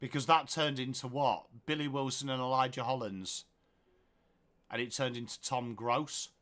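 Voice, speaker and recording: A man's voice: mid-range voice, moderate pace. A man with an English accent hosting a live football watchalong, commentating on play and chatting to viewers in the comments. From England. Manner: chatty, reads viewer comments aloud, gets excited at goals. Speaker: livestream watchalong host.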